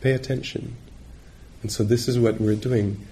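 A male meditation teacher giving a dharma talk on retreat, gentle and reflective, pausing often as he searches for words. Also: mid-range voice, fairly even intonation. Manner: halting, searching for words with many pauses.

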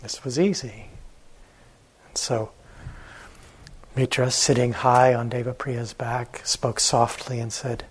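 A man, a meditation teacher, telling an old fable in a gentle, unhurried way during a morning talk. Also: medium pitch, flat delivery, breathy edge, rough recording.

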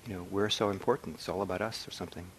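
A middle-aged man giving a meditation talk, reflective and soft-spoken, pausing often with ums and restarts. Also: low voice, steady tone, a little hiss or hum. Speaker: meditation teacher. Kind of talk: dharma talk. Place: meditation hall.

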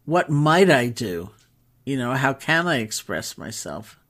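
A woman meditation teacher telling stories in a relaxed, conversational talk, with pauses and fillers. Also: a bass voice. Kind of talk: storytelling talk.

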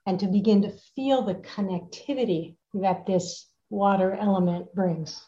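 A woman leading a retreat talk from home, speaking gently and unhurriedly with soft laughs. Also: medium pitch, moderate pace, lo-fi sound. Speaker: meditation retreat teacher. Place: at home with a dog nearby.

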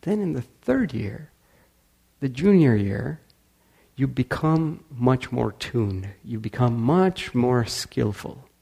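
A man with a gravelly, slightly husky voice gives a storytelling talk to a meditation group. He is animated and acts out the dialogue of the people he describes. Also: mid-range voice, takes it slowly. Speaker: speaker at a meditation community.

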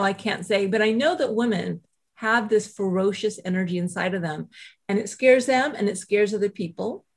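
A middle-aged woman with a voice on the high side, appearing as a guest author, tells a personal story. Her conversation is animated and self-deprecating, and she acts out the quotes.

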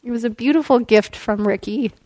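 A woman meditation teacher giving a dharma talk, telling a story in a gentle, storytelling way and laughing often. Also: fairly high pitch, brisk.

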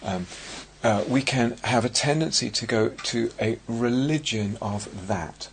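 A man giving a dharma talk as a meditation teacher on a retreat. He speaks slowly and searchingly, with many pauses and restarts. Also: medium pitch, gravelly, a little hiss or hum.

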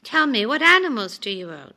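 A woman voicing a calm, wise old rabbi who gives gentle advice in a story she reads aloud. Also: on the high side, fairly quick, heavily acted. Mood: serene. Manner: grave, serene, gentle advice.

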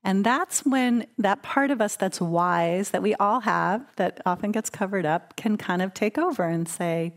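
Woman meditation teacher giving a relaxed talk. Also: mid-range voice, measured pace, few pauses. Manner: conversational, warm, playful storytelling. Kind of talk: dharma talk at a retreat.

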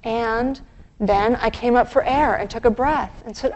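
A woman meditation teacher giving a dharma talk, gentle and reflective, with pauses. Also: a little high, fairly even intonation, slight background noise, poor audio.

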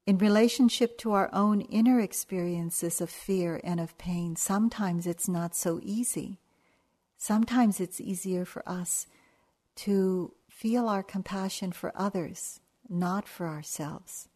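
Slow, soft-spoken older woman teacher. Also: medium pitch. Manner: gentle storytelling, unhurried. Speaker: meditation teacher. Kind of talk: dharma talk. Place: retreat hall.

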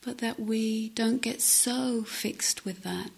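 A woman meditation teacher giving a gentle, reflective dharma talk at a retreat, often dropping to a soft near-whisper. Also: fairly high pitch, takes it slowly. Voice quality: breathy, often drops to a whisper. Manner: gentle, reflective, with hesitant restarts. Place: retreat center meditation hall.

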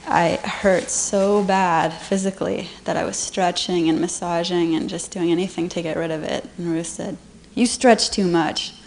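A woman's voice: fairly low pitch, flat delivery, normal speed, gravelly, few pauses, a little mellow, slight background noise. Earnest woman sharing her retreat experience. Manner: earnest, emotional, laughing often. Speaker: retreat participant. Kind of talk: personal sharing.

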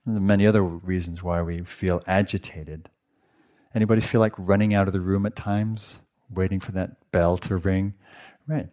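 A man, a meditation teacher, giving a gentle, conversational dharma talk to a retreat audience and asking them questions. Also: low-pitched, fairly even intonation, moderate pace. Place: meditation hall.

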